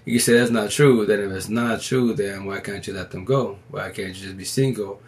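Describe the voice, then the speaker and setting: A low-pitched man with a gravelly, creaky edge talks straight into his phone during a livestream. He rambles in a loose, slangy way, and his words come out fast. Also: steady tone. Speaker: livestream host. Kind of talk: casual livestream monologue.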